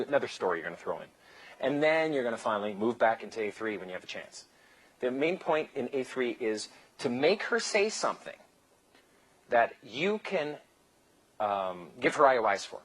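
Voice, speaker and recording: A man's voice: mid-range voice, fairly bright tone, breathy edge, poor audio. A man teaching a live seminar, loose and joking, acting out bits of dialogue and swearing casually. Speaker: seminar instructor. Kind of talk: live lecture with anecdotes.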